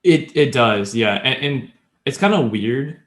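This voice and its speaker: A man's voice: medium pitch, animated, unhurried, roomy sound. A man co-hosting a podcast, chatting casually and explaining grammar step by step with many fillers. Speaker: podcast co-host. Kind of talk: casual language-learning chat.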